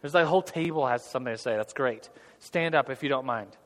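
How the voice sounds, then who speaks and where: A man's voice: medium pitch, fast talker, long reverb tail. A man leading an interactive church group class, talking casually and jokingly with many restarts. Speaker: Bible class leader. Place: large hall with tables of listeners.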